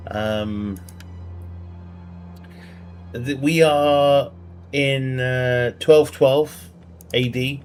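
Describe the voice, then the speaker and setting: This game streamer has a mid-range voice, draws out his words, and pauses often, with faint music in the background. He's livestreaming a strategy game from his bedroom, reading viewers' questions aloud, rambling, and chuckling at his own jokes.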